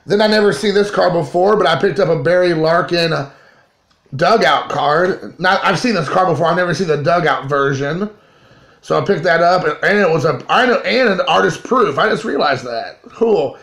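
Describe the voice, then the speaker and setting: A man's voice: a little high, fairly bright tone. A man from Kentucky, a card collector, chatting casually in a rambling show-and-tell vlog, often correcting himself mid-sentence. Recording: roomy echo.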